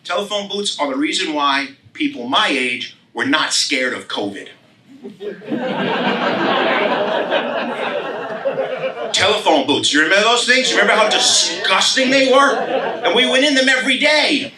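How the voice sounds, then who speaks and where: A man in his sixties giving a sarcastic, animated comedic monologue as host. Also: high-pitched, slow, long pauses, a loud crowd, very noisy. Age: 60s.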